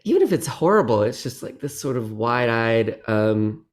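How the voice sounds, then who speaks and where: Man, interview guest, casual chat, rambling, lots of restarts, very lively pitch. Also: moderate pace. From United States. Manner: animated and rambling, many restarts and laughs. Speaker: actor guest.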